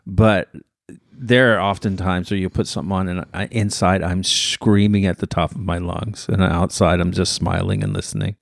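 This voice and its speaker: A man's voice: deep voice, steady tone, normal speed, gravelly, dry recording. American guy on a couples podcast, jokey and defensive, dry close mic. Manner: joking, playfully defensive. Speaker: podcast co-host. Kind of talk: casual chat.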